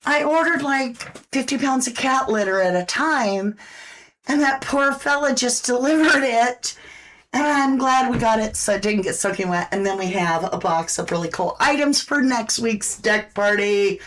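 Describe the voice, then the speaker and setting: A woman's voice: fairly high pitch, normal speed, a bit bright. A woman hosting a casual live-stream, chatting folksily about products and reading out viewer comments, a little out of breath.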